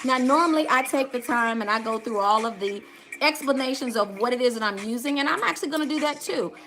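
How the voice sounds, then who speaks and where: A woman's voice: high voice, lively intonation, fast, a bit bright, slight background noise. A middle-aged woman hosting a casual live makeup tutorial, chatty, greeting viewers by name and calling out to "y'all". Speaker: makeup livestream host.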